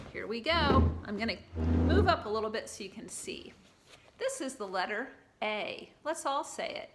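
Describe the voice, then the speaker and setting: Woman, preschool teacher, circle-time read-aloud; bright, slow, sing-song call-and-response. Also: a little high, slight background noise.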